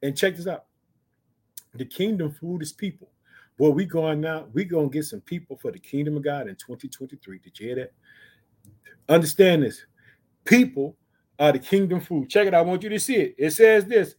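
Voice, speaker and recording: A man preaching a sermon, reading scripture slowly and emphatically between quick, fired-up commentary that urges listeners on. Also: fairly high pitch, animated, darkish tone. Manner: exhorting, repeats catchphrases.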